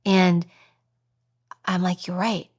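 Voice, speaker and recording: A woman's voice: fairly low pitch, level tone, takes it slowly, a little mellow. Emphatic woman demonstrating voices. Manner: emphatic, acts out voices as examples. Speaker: guest; TV news presenter, former agent. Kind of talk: interview advice talk.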